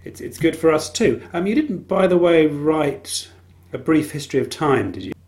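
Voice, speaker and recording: A man's voice: fairly high pitch, expressive, moderate pace, darkish tone. Wry man hosting solo. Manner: wry, dryly humorous. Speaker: podcast host. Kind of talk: casual solo monologue.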